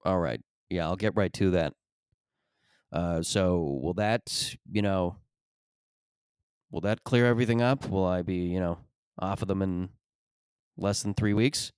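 A man's voice: low voice, unhurried, pauses often, darkish tone, smooth, no room sound. A man hosting a comedy podcast, rambling through a profane, self-deprecating monologue. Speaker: comedian host.

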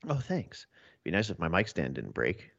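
A tired man co-hosting a casual podcast, with deadpan, sarcastic teasing. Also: low-pitched, normal speed, creaky, no echo, highs cut off. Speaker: podcast co-host.

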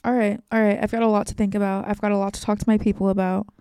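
A woman's voice: mid-range voice, little pitch movement, rapid-fire, mellow, smooth, dry recording, studio quality. A young woman from Louisiana co-hosting a podcast, teasing and laid-back as she chats casually over a video call. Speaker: podcast co-host.

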